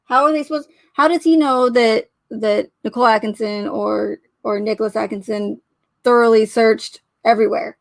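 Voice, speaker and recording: A woman's voice: fairly high pitch, fairly even intonation, normal speed, vocal fry, no echo. A woman giving casual commentary on a criminal case, skeptical and questioning as she picks apart details, often trailing off and restarting. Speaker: true crime commentator.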